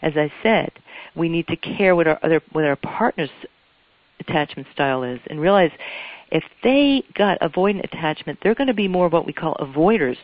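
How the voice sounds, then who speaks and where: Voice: medium pitch, animated, normal speed, dry recording. Earnest therapist explaining attachment, dull recording. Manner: earnest, explanatory, repeats phrases for emphasis. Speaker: couples therapist. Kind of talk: explanatory interview talk.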